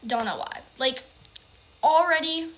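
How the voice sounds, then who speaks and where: A woman telling a personal story in casual chat, rambling with lots of "like" and sometimes dropping to a hushed whisper. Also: high-pitched, measured pace. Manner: rambling, heavy use of "like".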